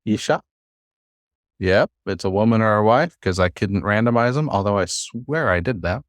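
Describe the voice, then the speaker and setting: A man's voice: lowish voice, a little fast, dry recording, studio quality. A man teaching a classroom lesson, patient and encouraging, with many fillers. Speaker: Hebrew teacher.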